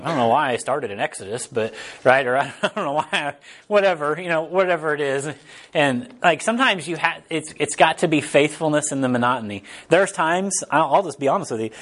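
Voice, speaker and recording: A man giving a casual, conversational sermon to a gathered group. He rambles informally and keeps checking in with his listeners. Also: on the high side. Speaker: preacher.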